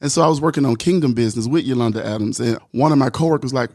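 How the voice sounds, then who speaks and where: A man's voice: medium pitch, rapid-fire, a little mellow, no echo, clean studio sound. A man who is a makeup artist and guest, chatting playfully and telling stories. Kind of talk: casual chat.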